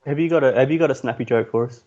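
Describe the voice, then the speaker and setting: A man co-hosting a casual comedy podcast, delivering a joke deadpan. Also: mid-range voice, racing, lo-fi sound. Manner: deadpan, setup-and-punchline delivery. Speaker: podcast co-host.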